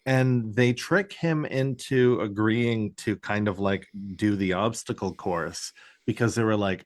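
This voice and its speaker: A man's voice: fairly low pitch, unhurried. A man co-hosting a podcast, recapping a TV episode in casual chat, rambling with lots of fillers and cussing. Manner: rambling, heavy "like" fillers, swearing, mock voices for characters. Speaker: podcast co-host.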